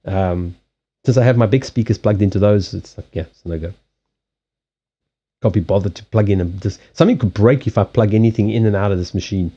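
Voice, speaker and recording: A man with a Southern African accent, a native Portuguese speaker, hosting a casual livestream chat, animated and freely swearing. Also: on the low side, fairly quick, breathy edge, highs cut off. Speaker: card reader and livestream host. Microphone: USB headset mic.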